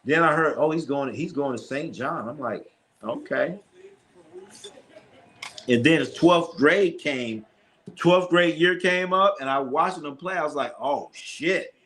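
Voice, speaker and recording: A man hosting a casual live sports stream, telling animated stories in a slangy way and swearing freely. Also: a little high, unhurried. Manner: animated storytelling, acts out his own lines.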